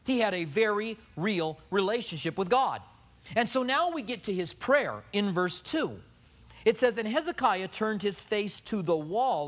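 A male pastor preaches with a fairly high voice that swoops up and down with feeling. He fires off rhetorical questions at the congregation and acts out everyday quotes along the way. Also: fairly bright tone. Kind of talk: sermon.

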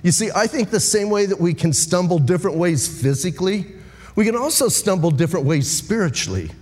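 A man delivers an evening sermon in a high, light voice, chatty and animated as he draws his congregation in. His words ring out with a long hall reverb around them. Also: fairly quick. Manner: animated, conversational preaching with asides to the congregation. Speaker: pastor. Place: church sanctuary.

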